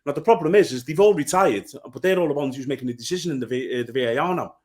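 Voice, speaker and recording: A man's voice: medium pitch, lively intonation, rapid-fire, darkish tone. A man co-hosting a football podcast, blunt and heated, swearing freely as he rants. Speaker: podcast co-host. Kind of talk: casual football chat.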